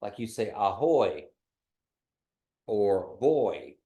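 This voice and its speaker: A man's voice: fairly low pitch, very animated, very slow, dark tone. A man teaching a language class in a classroom, patiently modeling sounds and having the learners repeat them. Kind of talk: classroom pronunciation lesson.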